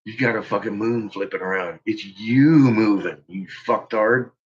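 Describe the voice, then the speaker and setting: A channel host mocks what he's watching in casual commentary, swearing freely and breaking into laughter. His voice is lowish and his pace moderate, and the lo-fi audio sounds muffled.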